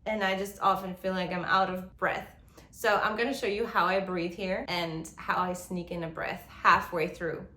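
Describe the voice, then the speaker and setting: A woman's voice: on the low side, little pitch movement, moderate pace, sharp tone. A woman giving an online yodeling lesson who explains step by step and stops to demonstrate. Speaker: yodeling teacher. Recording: roomy echo.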